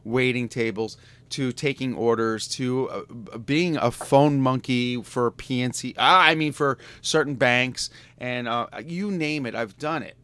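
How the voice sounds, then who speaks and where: A man's voice: medium pitch, a little slow, pushed and bright, clear, resonant tone. Exasperated man in his fifties ranting. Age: 50s. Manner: exasperated, profane, stammering restarts. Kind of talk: casual ranting storytelling.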